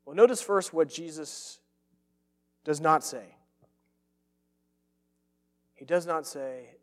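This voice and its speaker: A man's voice: fairly high pitch, expressive, takes it slowly, pauses often, big-room sound. A man preaching a sermon as pastor, earnest and emphatic, repeating phrases for stress.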